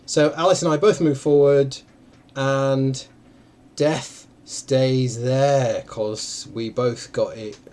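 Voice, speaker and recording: Man, co-host, jokey game explainer, mid-range voice. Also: slow pace. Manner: chatty, jokey, lively pitch swings. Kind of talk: playful livestream chat.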